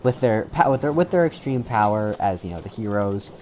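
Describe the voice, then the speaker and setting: Man, game master, tabletop narration, low voice, easygoing delivery, faint background hiss. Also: lively intonation, brisk, darkish tone. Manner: laid-back, with many fillers and restarts.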